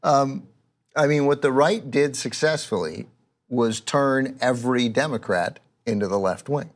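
Middle-aged man, co-host, halting and measured, mid pitch. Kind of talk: casual political chat.

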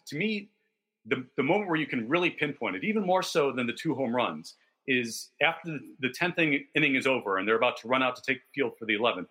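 A man's voice: mid-range voice, sharp tone, husky. A man co-hosting a casual sports podcast, telling stories in detail and backing them with statistics. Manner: detailed, enthusiastic storytelling with stats. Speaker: podcast co-host.

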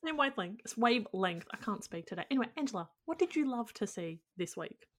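A woman's voice: mid-range voice, animated, fast talker. A woman hosting a casual sports podcast, bubbly and jokey, laughing at her own slips. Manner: bubbly, jokey, self-deprecating. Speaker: podcast host.

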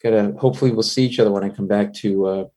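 A male comedian guest on an interview, telling self-mocking stories in an animated way. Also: on the low side, very fast. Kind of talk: casual storytelling interview.

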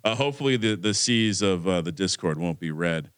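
A man's voice: low voice, animated, a little fast, a bit bright, clear, resonant tone. A man hosting a sports betting podcast, chatting casually and rambling through game picks and point spreads. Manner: rambling, restarts often, reads betting lines. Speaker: podcast host.

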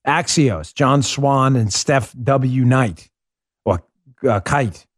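A man's voice: mid-range voice, slow, no echo, studio quality. A man hosting a political commentary podcast, speaking emphatically, hammering his points with repeated catchphrases and now and then turning to his co-host. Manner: emphatic, repeats slogans for stress; talks to a co-host by name.

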